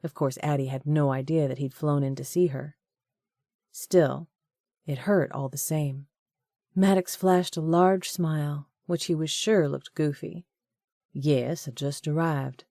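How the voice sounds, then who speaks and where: A woman with a low-pitched voice narrates a romance audiobook from a script, telling the story in a measured, even manner. The studio-quality recording is dry.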